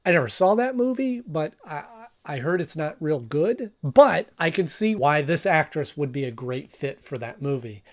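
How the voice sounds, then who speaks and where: A man casually reviewing a cartoon episode, rambling and hesitant with many fillers. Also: fairly high pitch.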